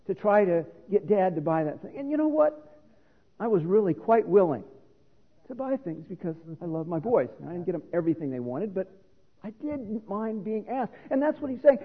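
A man's voice: sits high, husky. A middle-aged man preaching a sermon, explaining scripture in an earnest, teaching manner. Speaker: pastor. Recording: reverberant hall on a phone-like line.

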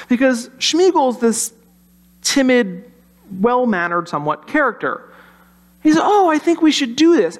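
A man preaching a children's sermon in a conversational way, asking the kids questions. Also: high-pitched. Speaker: pastor.

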